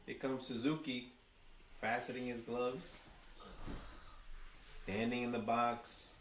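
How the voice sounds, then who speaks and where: Excitable man with a New York accent. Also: mid-range voice, takes it slowly, reverberant, distant mic, a little hiss or hum. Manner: chatty, excitable, talks to chat. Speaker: livestream host. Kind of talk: fan watch-along commentary.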